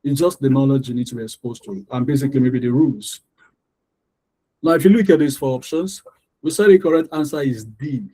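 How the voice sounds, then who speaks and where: A man teaching English pronunciation to exam students. His voice is mellow and warm, and he talks in an even, explanatory way. He repeats example words slowly to show where the stress falls. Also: mid-range voice, low-quality recording. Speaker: English tutor. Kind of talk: online lesson.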